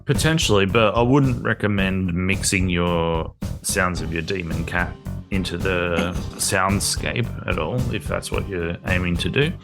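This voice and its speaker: A man's voice: deep voice, unhurried, over music. A man hosting a podcast in a casual, joking chat, laughing often. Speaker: podcast host.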